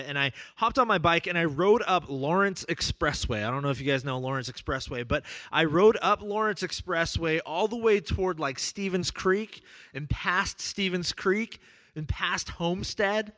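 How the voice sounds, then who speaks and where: A middle-aged man preaching a sermon, telling a personal story in a relaxed, conversational way and dropping softly on key words. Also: sits high, moderate pace, dry recording. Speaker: pastor.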